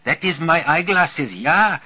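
A flustered young secretary woman pleads in a heavy German accent, her voice pitched high and halting, as a male reader puts her on. It comes through a muffled, lo-fi recording. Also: expressive, breathy edge, no echo. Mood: pleading. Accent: put-on German accent. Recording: dull lo-fi recording.

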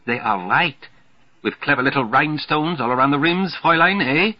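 A man voicing a flustered young German secretary woman with a put-on German accent, speaking high and halting. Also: no room sound, natural voice. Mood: pleading. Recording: dull lo-fi recording.

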